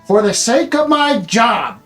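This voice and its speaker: A high, nasal wizard clerk, as a game master puts him on, fussy and bureaucratic. He crams a long spoken message into one breath, rambling about paperwork. Light music plays behind him. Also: very animated, a little slow, fairly bright tone. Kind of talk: tabletop role-play voice.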